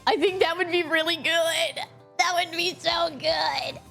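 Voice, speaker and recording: Giggly high-voiced woman streamer. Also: a little slow, creaky, faint music behind. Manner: giggly, excitable, rambling. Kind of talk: casual stream chat. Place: home streaming setup.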